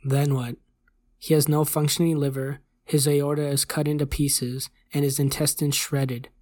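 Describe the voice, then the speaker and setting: A narrator voicing a weary male hospital doctor who talks bluntly, in a flat, resigned way. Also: on the high side, moderate pace, dry recording, natural voice.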